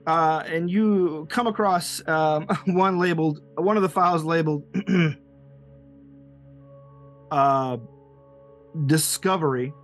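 A man's voice: a little high, takes it slowly, long pauses, soft background music. A man narrating a tabletop game as game master, loose and rambling, laughing often.

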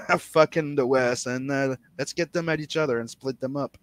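A man from Canada rambles through a casual podcast chat, swearing freely and tripping over his words. His voice sits at an ordinary middle pitch. The sound is dry and close, with no room echo. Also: moderate pace. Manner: animated, swears a lot, restarts and stammers. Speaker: podcast host.

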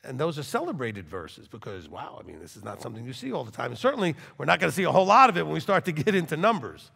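A rabbi teaching Torah to a live class, acting out dialogues with big swings in loudness. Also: male voice, rapid-fire, vocal fry, husky. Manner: animated, acts out dialogues in wide swings of pitch and loudness. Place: hall with a live audience. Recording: long reverb in a hall.

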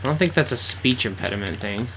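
A man's voice: fairly low pitch, lively intonation, quick pace, bright, forceful tone, slight background noise. A man giving blunt, teasing commentary while playing through a video game with a friend. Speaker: game co-host. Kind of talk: let's play commentary.

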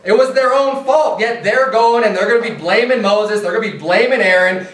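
High-voiced preacher in an echoey church. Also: male voice, a little fast, few pauses, fairly bright tone, far from the mic. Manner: conversational preaching with frequent restarts and fillers. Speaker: pastor. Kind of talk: sermon. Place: church sanctuary.

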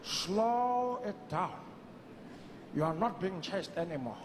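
A comedian doing a slow, grave old statesman. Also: sits high, animated, background noise. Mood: solemn. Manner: slow, deliberate, solemn delivery. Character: very old male statesman, calm and commanding. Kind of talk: stand-up comedy impression.

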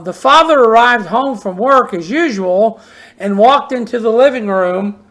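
A man's voice: high voice, a bit bright. Folksy older male preacher. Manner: folksy storytelling, repeats words when stressing a point. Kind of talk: sermon.

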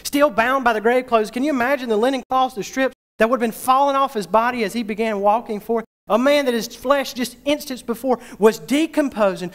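Male pastor, high voice, revival preaching in church; scripture reading into rising, questioning delivery. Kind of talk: revival sermon.

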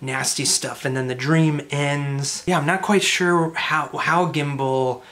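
A man's voice: fairly high pitch, steady tone, slow pace, fairly bright tone. A man casually recapping a tabletop game session in a loose, rambling way with lots of filler words. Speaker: storyteller recapping a tabletop campaign.

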